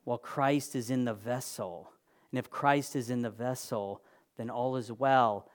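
A man's voice: medium pitch, unhurried. A man preaching a sermon, earnest and emphatic, building phrases into lists. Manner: occasional fillers and restarts, clears throat.

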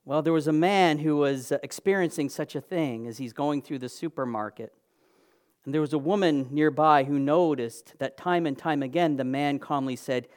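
A man's voice: a little high, normal speed. A man preaching a sermon, earnest and emphatic, building phrases into lists. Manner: occasional fillers and restarts, clears throat.

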